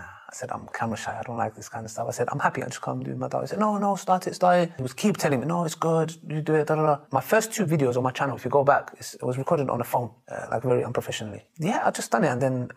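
A man, a street preacher answering interview questions and telling stories with animated quoted voices. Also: mid-range voice, gravelly, breathy edge. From Turkey.

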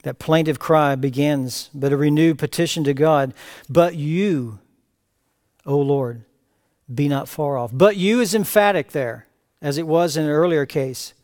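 A man preaching a verse-by-verse sermon as pastor, reading scripture aloud with rising emphatic cries and then dropping to quiet asides. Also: fairly high pitch, unhurried. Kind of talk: expository sermon. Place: church sanctuary.

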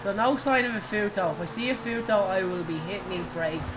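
A young Irish woman giving excitable, giggly live commentary while playing a driving game, shrieking at her crashes. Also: mid-range voice, brisk, background noise. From Ireland. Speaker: game streamer. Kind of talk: live gaming stream commentary.

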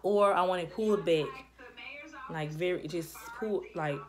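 A woman's voice: fairly low pitch, normal speed. A young woman chatting casually to camera as a vlogger, rambling and restarting often, and slightly out of breath.

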